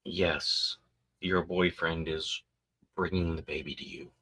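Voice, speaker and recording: With a deep, sharp-toned voice that barely moves in pitch, a man hosting a podcast delivers a slow, casual rambling monologue. He's crude and joking, frequently imitating babies and parents in silly voices.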